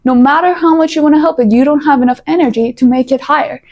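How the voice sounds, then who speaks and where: High-voiced young woman giving chatty advice. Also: quick pace, dull audio. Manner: animated, coaching, playful asides. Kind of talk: casual advice talk to camera.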